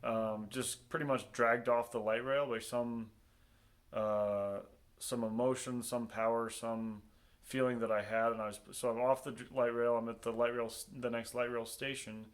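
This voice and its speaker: A man telling a personal story in a casual, halting way, with many pauses, ums and restarts. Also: mid-range voice, level tone.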